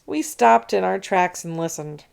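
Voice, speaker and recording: A woman reading a children's chapter book aloud, narrating with expressive storytelling. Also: lowish voice, unhurried, creaky, clean tone.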